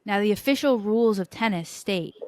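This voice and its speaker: A woman hosting a podcast, telling sports stories in an animated, playful and profane way. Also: mid-range voice, brisk, dry recording, studio quality. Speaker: podcast host. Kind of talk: casual sports chat.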